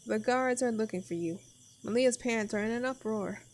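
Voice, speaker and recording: A woman reading as a gruff male barkeep. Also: on the high side, normal speed, natural voice. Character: grumpy male village barkeep.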